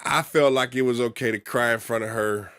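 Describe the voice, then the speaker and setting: Man, casual podcast talk, relaxed slangy storytelling, dry close sound. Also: medium pitch, brisk, no echo. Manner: relaxed slangy storytelling, repeats "you feel me". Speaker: podcast co-host, father.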